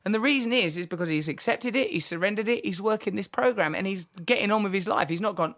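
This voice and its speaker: A man with a somewhat high voice hosts a candid podcast conversation. He tells stories vividly and with animation, circling back with fillers and quick restarts. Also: fairly bright tone. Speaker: podcast host.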